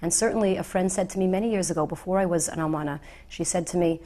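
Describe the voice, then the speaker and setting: A middle-aged woman, herself widowed, speaking gently and earnestly to grieving women with reassuring repetition. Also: fairly low pitch, fast talker, few pauses. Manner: soft, earnest, reassuring, repeats key phrases. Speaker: widow giving advice to the bereaved. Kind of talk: gentle heartfelt talk to the viewer.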